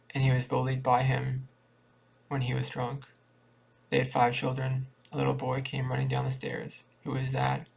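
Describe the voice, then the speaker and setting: A man reads a short story aloud in a plain, steady manner, now and then restarting a word. His voice is heavily creaky and gravelly at an ordinary middle pitch. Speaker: reader.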